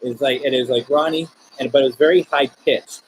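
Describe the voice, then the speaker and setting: A man hosting a live spirit box stream, talking gently with viewers and politely calling on spirits. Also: medium pitch, steady tone, a little fast, slight background noise, rough recording.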